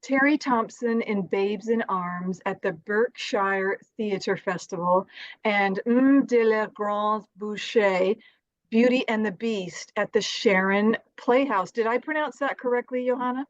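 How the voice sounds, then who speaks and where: A British woman co-hosts with gushing praise, speaking at a middle pitch. Her line sounds dull and lo-fi and has no echo. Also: a little slow. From Britain. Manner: effusive, full of compliments. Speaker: podcast co-host. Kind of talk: casual interview chat.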